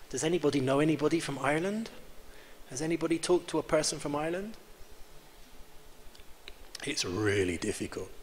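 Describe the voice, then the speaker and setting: A man giving an interactive keynote lecture in a large conference hall, joking and quizzing the audience with quick questions. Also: medium pitch. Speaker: keynote speaker. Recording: reverberant hall with faint background hum.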